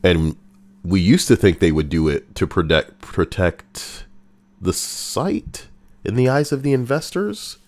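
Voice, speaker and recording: A man's voice: deep voice, lively intonation, measured pace, darkish tone. A young man casually reading forum posts aloud and riffing on them, sarcastic and rambling with loose asides.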